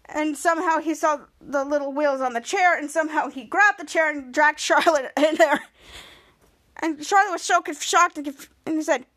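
A woman's voice: high voice, normal speed, a bit bright. A woman podcast host giving a chatty, rambling recap of a TV episode. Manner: chatty, rambling storytelling with many restarts.

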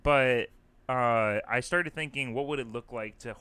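A man co-hosting a casual comedic chat, building long deadpan bits and stories. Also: medium pitch, unhurried, clear, resonant tone, no echo.

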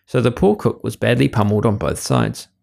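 A man reading a children's story aloud in a lively, expressive way. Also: on the low side, brisk, creaky.

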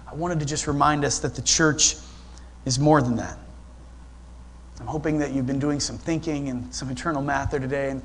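Man, middle-aged, guest preacher, gravelly voice, fairly high pitch, chatty storytelling. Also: a little hiss or hum. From Ohio, USA. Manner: storytelling, conversational, with frequent restarts. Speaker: guest pastor. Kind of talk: sermon.

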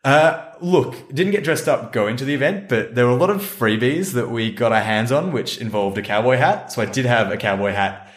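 An Australian man co-hosting a podcast, telling a travel story in a relaxed, rambling way. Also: medium pitch, moderate pace. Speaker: podcast co-host. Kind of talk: casual chat, storytelling. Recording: roomy echo.

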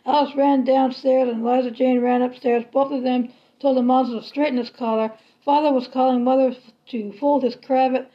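A woman reads a children's novel aloud at a steady, unhurried pace. Her voice sits high. The recording is slightly dull and lo-fi. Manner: steady, unhurried storybook reading. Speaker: reader.

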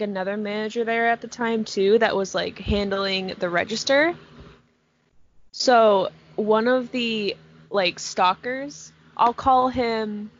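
A young woman co-hosting a podcast, telling a work story in a laid-back, casual way, swearing often and laughing a lot. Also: medium pitch. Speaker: podcast co-host. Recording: dull lo-fi sound.

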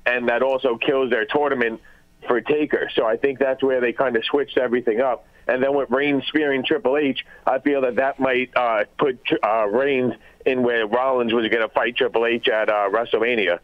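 A man's voice: medium pitch, fairly even intonation, normal speed. A man calling in to a radio show, giving a long run-on explanation with fillers. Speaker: caller. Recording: lo-fi phone line.

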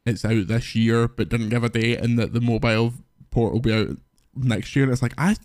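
A man's voice: mid-range voice, fairly even intonation, moderate pace, a little mellow, clear, resonant tone, dry recording, clean studio sound. A man co-hosting a gaming podcast, bantering casually, swearing and joking around with friends. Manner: swearing, jokey, does silly impressions. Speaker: podcast co-host.

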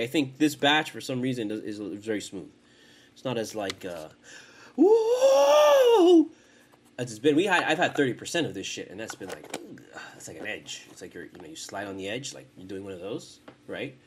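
A man's voice: lowish voice, slight background noise. Rambling, cursing man talking casually at home. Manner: profane, rambling, frequent restarts. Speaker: podcast host.

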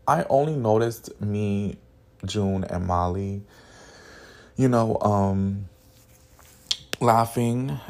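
Gravelly low-voiced man spilling gossip. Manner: gossipy, profane, animated storytelling. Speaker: podcast host. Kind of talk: casual storytelling.

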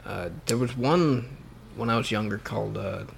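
A young man with a Texan accent chatting casually with a friend, laid-back and quick to laugh. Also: lowish voice, gravelly, slight background noise. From Texas. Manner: laid-back, laughs often, says dude. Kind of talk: casual chat.

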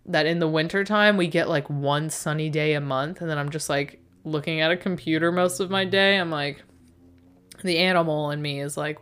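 A woman's voice: deep voice, normal speed, fairly bright tone. A young adult woman in a rambling, self-mocking casual monologue who swears often.

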